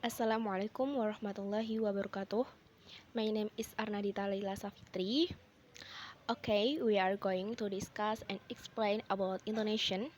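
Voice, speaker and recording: A woman's voice: medium pitch, fairly even intonation, brisk, a little mellow, slight background noise. A young woman with an Indonesian accent giving a student presentation, reading carefully and often saying "okay". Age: young adult. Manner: careful, read-aloud delivery with frequent "okay". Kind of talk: classroom presentation.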